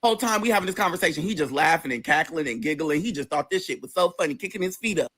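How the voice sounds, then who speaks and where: Brief: animated, foul-mouthed man telling a storytime, fairly high voice. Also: fast, husky. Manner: animated, profane, sassy. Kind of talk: casual storytime.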